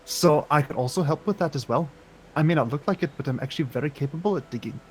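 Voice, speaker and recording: A man's voice: fairly high pitch, fast talker, a little hiss or hum, poor audio. A man playing a tabletop role-playing game, talking politely and formally in character with a dry humor. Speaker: player.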